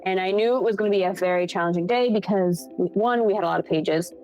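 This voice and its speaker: A woman's voice: medium pitch, quick pace, a little mellow, faint music behind. A young woman from Buffalo, New York, a film assistant director, telling a story in a casual interview. She acts out the people she quotes and laughs often.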